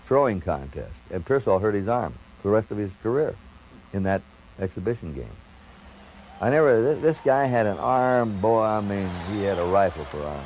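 Lively, emphatic man recalling baseball. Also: on the low side, a little hiss or hum, poor audio. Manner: emphatic, animated praise. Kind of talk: reminiscing commentary.

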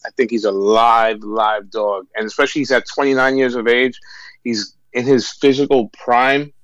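A man appearing as a boxing analyst guest, speaking in a calm, measured, easygoing way. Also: medium pitch, no room sound, dull audio. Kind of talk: casual chat.

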